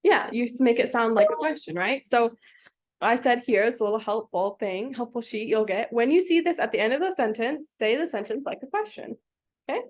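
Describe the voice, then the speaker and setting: A woman's voice: fairly high pitch, expressive, a little fast. A woman teaching a small reading group, patient and encouraging, asking the children many questions. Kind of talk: classroom instruction to children.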